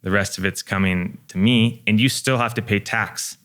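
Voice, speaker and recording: A man's voice: lowish voice, fairly even intonation, normal speed, a bit bright. A young man, a guest, chatting casually on a podcast in a laid-back, profane way full of fillers.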